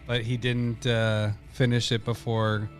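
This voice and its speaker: A man's voice: mid-range voice, little pitch movement, a little slow, faint music behind. A man co-hosting a podcast in casual chat, teasing and laughing often. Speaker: podcast co-host.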